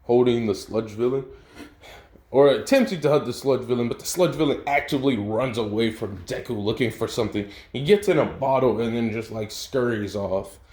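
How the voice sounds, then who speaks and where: A man's voice: mid-range voice, normal speed, a little mellow. A man casually improvising a fan story, rambling with slang and swearing. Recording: echoey room.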